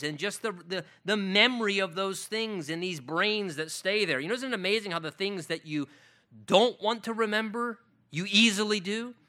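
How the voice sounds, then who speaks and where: Guy preaching a sermon, high voice, super bright and sharp, gets emphatic and repeats stuff. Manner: earnest, emphatic preaching with repetitions and rising peaks. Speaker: pastor.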